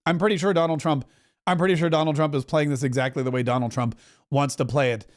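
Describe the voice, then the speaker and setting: High-voiced talk host, animated commentary. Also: male voice. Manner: animated, mocking, does quick voices for others. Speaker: political talk show host. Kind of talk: opinionated commentary.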